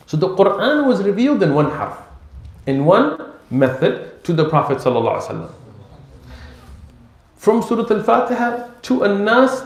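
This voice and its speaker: Lively man lecturing in an echoey room. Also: high-pitched. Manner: animated storytelling with acted-out dialogue. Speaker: Islamic teacher. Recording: roomy echo.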